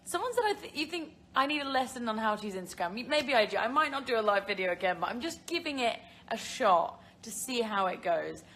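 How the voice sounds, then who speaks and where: A woman's voice: on the high side, very animated, a little fast, few pauses, fairly bright tone, a little hiss or hum. A young English woman reading out fan questions and chatting casually on a phone livestream, often laughing and using filler words. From England. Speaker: actress answering fan questions. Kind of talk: casual live-stream chat.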